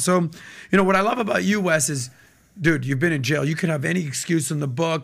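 Here the same kind of host, a US man, speaks at a moderate pace in a high, gravelly voice with some brightness. Chatting casually with his guest, he jokes around and asks questions with obvious enthusiasm.

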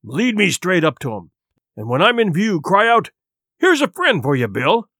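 A wretched, cruel blind sea beggar, as a male audiobook reader puts him on, whining in an odd sing-song. His pitch swings widely and his threats come cold and ugly. The storybook sound is dry and close. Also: huge pitch swings, moderate pace, fairly bright tone, dry recording, exaggerated voice. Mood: cold threatening. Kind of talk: audiobook character voice.

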